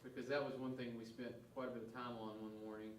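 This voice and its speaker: A man's voice: mid-range voice, flat delivery, fast, a little hiss or hum. A man teaching a class and going over test questions, earnest and often restarting his words. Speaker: instructor. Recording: echoey classroom, mic far off.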